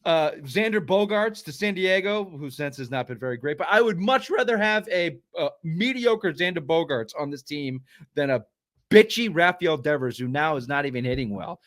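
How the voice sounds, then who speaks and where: Male podcast co-host, slightly higher voice, profane animated ranter. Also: normal speed, no echo, clean studio sound. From Boston area. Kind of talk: casual sports chat.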